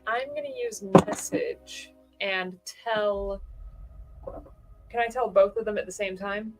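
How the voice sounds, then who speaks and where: A woman playing in a tabletop game, spelling out her plans to the game master in a deliberate way. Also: medium pitch, sing-song, loud music behind the voice, low-quality recording. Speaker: player. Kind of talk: casual tabletop game chat.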